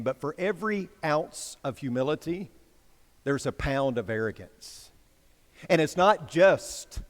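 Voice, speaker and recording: A man's voice: mid-range voice, darkish tone. A man preaching a sermon, a folksy, joking storyteller. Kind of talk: sermon with a told joke. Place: church sanctuary. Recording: church hall reverb.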